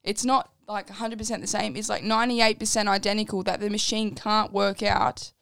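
Smooth-voiced young woman podcast co-host. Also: medium pitch, fairly quick, dry recording. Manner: animated storytelling, acting out scenes. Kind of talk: casual chat.

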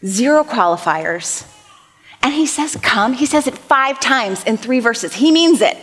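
A fairly high-pitched woman gives an earnest, lively sermon, shifting between casual asides and scripture read aloud. Her voice rings out with the long reverb of a church hall. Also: a little slow. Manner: earnest, animated, conversational with scripture readings. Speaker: preacher. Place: church auditorium.

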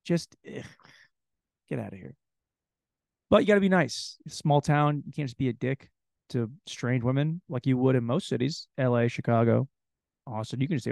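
A man hosting a solo comedy podcast, telling crude, rambling stories in an animated way. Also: medium pitch, normal speed, vocal fry, pauses often, no room sound. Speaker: podcast host.

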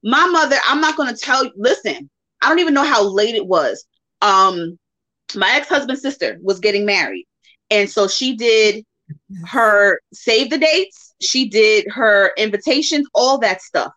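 A woman's voice: fairly high pitch, animated, a little slow, fairly bright tone, rough recording. A woman in her thirties hosting a casual live-stream chat, speaking emphatically and directly to her viewers. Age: 30s. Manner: emphatic, talks straight to viewers. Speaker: host.

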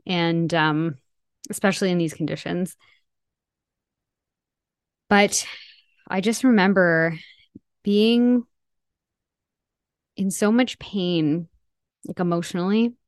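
A woman telling a personal story as an interview guest, reflective and halting, often restarting her sentences. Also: on the low side, smooth, no room sound, clean studio sound.

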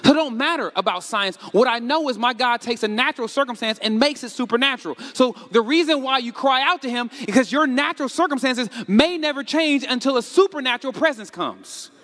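A man preaches in an animated, conversational way, tossing question after question to his listeners and leaning on casual slang. His voice sits high for a man. The sound rings with the long reverb of a large hall. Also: brisk, few pauses. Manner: animated, rhetorical questions to the congregation. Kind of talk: sermon.

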